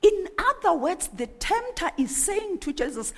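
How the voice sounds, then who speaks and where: Animated woman preaching, slow and echoing. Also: very high-pitched. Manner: animated, rhetorical questioning. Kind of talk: sermon. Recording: echoey hall with long reverb.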